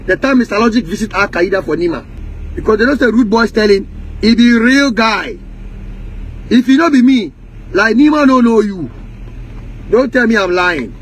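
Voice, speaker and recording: A man's voice: sits high, lively intonation, normal speed, long pauses, a little hiss or hum, poor audio. A man with a Ghanaian Pidgin English accent, delivering an angry, profane rant full of repeated accusations. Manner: heated, profane, repetitive accusations.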